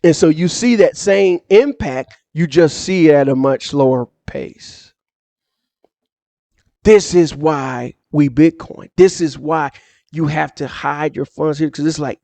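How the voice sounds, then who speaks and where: A man ranting casually to camera about money, emphatic and slangy, with quick bursts and asides. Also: sits high, a little mellow, dry recording. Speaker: finance YouTuber. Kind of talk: casual direct-to-camera rant.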